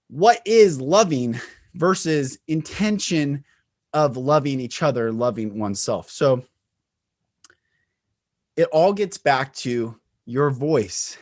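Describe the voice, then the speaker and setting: Earnest male speaker, inspirational spiritual talk, slightly higher-pitched, shifts volume and pace to demonstrate. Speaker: speaker and retreat leader.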